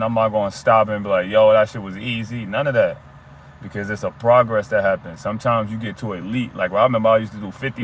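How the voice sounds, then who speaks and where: A man's voice: lowish voice, slight background noise. A man livestreaming a casual motivational talk, streetwise and direct, often tagging lines with "you heard?". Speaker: fitness streamer.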